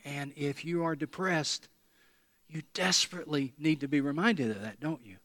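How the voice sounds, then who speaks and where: A man's voice: on the high side, normal speed, fairly bright tone, long reverb tail. A man preaching a sermon to his congregation, earnest and emphatic, repeating key lines and calling the people to answer back. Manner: leads the congregation in call and response. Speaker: pastor. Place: church sanctuary before a congregation.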